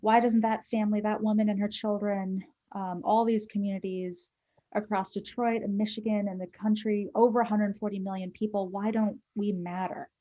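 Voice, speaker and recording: A woman moderating a panel discussion, speaking in a measured, thoughtful way. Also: medium pitch, flat delivery, dark tone, highs cut off.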